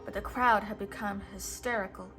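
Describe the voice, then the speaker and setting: A woman reading a children's picture book aloud in a gentle, measured way. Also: medium pitch, steady tone, music in the background. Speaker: storybook reader.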